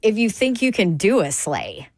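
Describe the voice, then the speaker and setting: A woman hosts a sports radio show, upbeat and chatty as she questions her guest and plugs upcoming shows. Her voice is a middle pitch for a woman, close and dry on the studio mic. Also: very animated, moderate pace, darkish tone, no echo. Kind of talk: casual radio interview chat.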